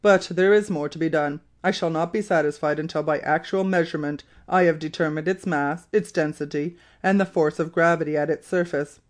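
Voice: mid-range voice, steady tone, brisk, hardly any pauses, lightly acted. A reader voicing an irritable, proud old male professor in an audiobook, speaking fiercely and impatiently. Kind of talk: audiobook character reading.

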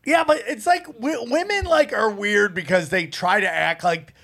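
A man co-hosting a casual comedy podcast, talking in a loud, excitable and crude jokey way. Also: high voice, normal speed, vocal fry. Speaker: podcast co-host.

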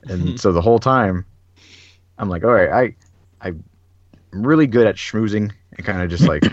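Very deep-voiced man telling a story. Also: moderate pace, no room sound, lo-fi sound. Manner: animated storyteller, many "like" fillers, acts out quotes. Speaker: podcast host. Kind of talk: casual chat.

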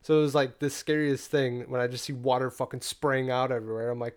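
A young man telling a story in casual chat, profane and animated, full of "like" fillers. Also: mid-range voice, fast, few pauses.

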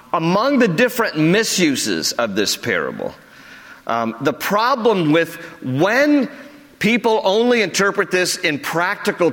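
Earnest male pastor, bright voice. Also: long reverb tail. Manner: earnest, conversational, drops low for emphasis. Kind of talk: sermon.

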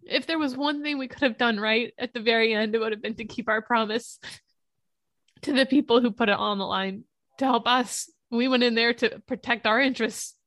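Impassioned higher-voiced woman, dry and close. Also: a little fast, fairly bright tone, no room sound. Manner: earnest, impassioned, rambling. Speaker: podcast co-host. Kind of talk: casual political discussion.

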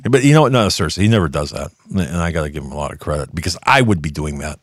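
A man's voice: very deep voice, expressive, rapid-fire, hardly any pauses, no room sound, studio quality. A man hosting a political talk show, riffing sarcastically in a rambling monologue full of restarts. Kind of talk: casual opinion monologue.

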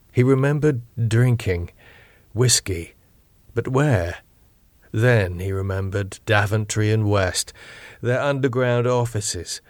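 Low-voiced man narrating a story. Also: dry recording. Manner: measured, deliberate storytelling. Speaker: narrator and author. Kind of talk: scripted audio-drama narration.

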